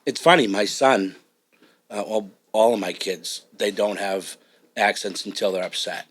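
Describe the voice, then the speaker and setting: A man's voice: lowish voice, unhurried. A man with a South Shore Massachusetts accent, a truck driver chatting as a podcast guest in a blunt, profane, joking way. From Massachusetts, USA. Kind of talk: casual chat.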